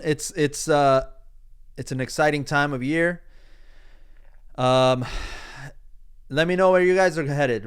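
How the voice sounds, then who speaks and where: A man's voice: mid-range voice, smooth. A man hosting his own podcast, talking alone in a casual, rambling, upbeat way with frequent restarts and the odd swear. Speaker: podcast host. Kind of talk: casual solo podcast monologue.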